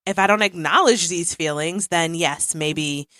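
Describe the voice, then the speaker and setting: A woman hosting a podcast in casual chat, candid and animated, who swears casually and talks in quick bursts. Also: fairly low pitch, dry recording. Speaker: podcast host.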